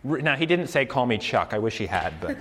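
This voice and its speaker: A man preaching a sermon in a conversational, earnest way, slowing down to stress key points. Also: mid-range voice, sing-song, background noise. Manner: conversational, earnest, slows down for emphasis. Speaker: campus preacher. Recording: long hall reverb.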